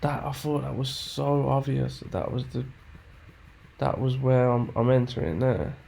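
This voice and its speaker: A man backtesting trading charts mutters commentary to himself, thinking aloud as he trades. He sounds frustrated and swears often. His medium-pitched voice is fairly even, a little slow, creaky, dark, and husky.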